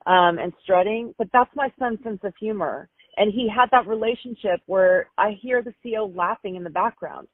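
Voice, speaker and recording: A woman's voice: medium pitch, no room sound. Emotional mother on a tinny phone line. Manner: emotional, halting, repeats herself. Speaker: grieving mother. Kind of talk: phone interview storytelling.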